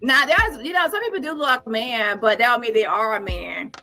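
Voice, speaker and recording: A woman's voice: on the high side, lively intonation, fairly quick, pushed and bright. A woman hosting a casual livestream chat, rambling and tagging her points with "okay?" and "child". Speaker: livestream host.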